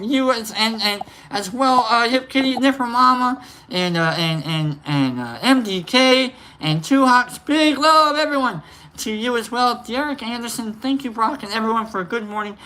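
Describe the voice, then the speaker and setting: A woman's voice: on the high side, expressive, moderate pace, sharp tone. A woman co-hosting a livestream, casually reading out chat names with rambling, playful asides and sudden whoops. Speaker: livestream co-host.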